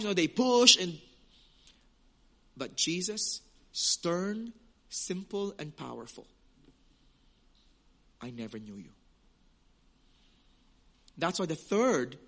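A male preacher with a high, bright, forceful voice delivers a sermon. He talks in an animated way, acting out small scenes with quoted voices. He slows right down to stress the key words. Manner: emphatic, stretches key words slowly. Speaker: pastor.

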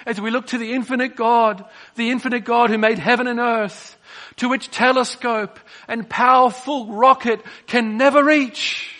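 A man preaching a sermon, swinging between soft, drawn-out phrases and emphatic bursts. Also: extremely high pitch, steady tone.

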